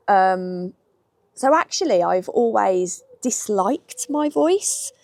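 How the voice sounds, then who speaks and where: A middle-aged woman with a Brummie accent talks candidly and chattily, answering viewers' questions. Her voice sits a little low. The sound is dry and close, with hardly any reverb. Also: a little mellow. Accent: Birmingham (Brummie). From Birmingham, England. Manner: candid, chatty, with frank asides. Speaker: history YouTuber. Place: outdoors in a garden.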